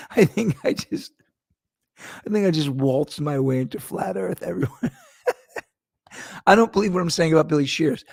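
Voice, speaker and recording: A man's voice: fairly high pitch, a little slow, vocal fry, pauses often, darkish tone, dry recording, studio quality. A middle-aged man hosting his own show, rambling through a casual monologue with profanity and digressions. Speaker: podcast host.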